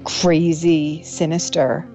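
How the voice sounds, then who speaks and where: A woman with a New York accent, a guest in a casual interview, talking in an animated way, laughing often and acting out her old lines. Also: sits low, slow, lo-fi sound, faint music behind. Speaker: actress guest.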